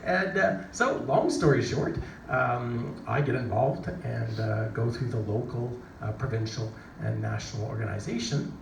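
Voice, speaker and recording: A middle-aged man giving a motivational talk, telling a story with lively energy and acting out the people in it. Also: mid-range voice, a little slow, vocal fry, few pauses. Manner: animated storyteller, acts out voices and shouts. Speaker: motivational speaker. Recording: echoey hall from a distance, noisy.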